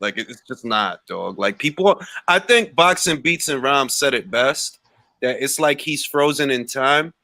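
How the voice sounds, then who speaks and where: A man's voice: medium pitch, lively intonation, measured pace, vocal fry, pushed and bright, dry recording, studio quality. A man hosting a boxing livestream in casual, slangy chat and laughing often.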